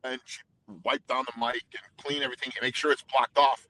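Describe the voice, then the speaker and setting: A man's voice: mid-range voice, flat delivery, fairly quick, pushed and bright, rough recording. A middle-aged man, a singer being interviewed, telling stories intensely with many restarts. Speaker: guest singer. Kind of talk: casual interview talk.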